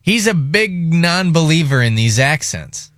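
A man's voice: on the high side, very animated, unhurried, fairly bright tone, no echo, studio quality. A man hosting a casual group chat, teasing and running the segments.

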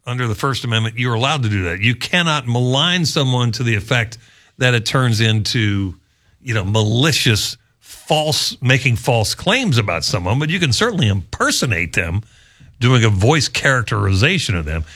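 A male sports radio host talks casually and sounds amused. His voice sits at a middle pitch and moves up and down a lot. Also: normal speed. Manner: lively, chatty, amused. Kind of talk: casual talk show commentary.

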